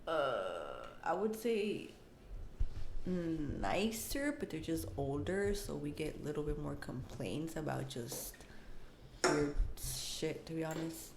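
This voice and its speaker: A woman's voice: sits low, takes it slowly, a little hiss or hum. Laid-back woman in an echoey room. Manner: laid-back, laughing, relaxed storytelling. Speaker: guest. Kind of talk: casual chat.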